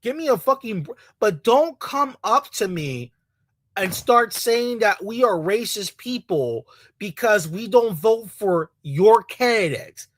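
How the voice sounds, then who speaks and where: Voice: medium pitch, expressive, slow pace, no room sound. Angry, profane ranting vlogger, dry sound. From Latino community in the United States. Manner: angry, profane, repetitive rant. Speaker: video creator. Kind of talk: heated ranting commentary.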